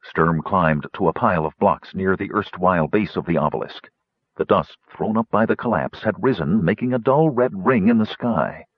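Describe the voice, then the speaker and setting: A man narrating a fantasy audiobook in a dramatic, measured storytelling manner. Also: deep voice, slightly rough, no room sound. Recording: dull lo-fi dry recording.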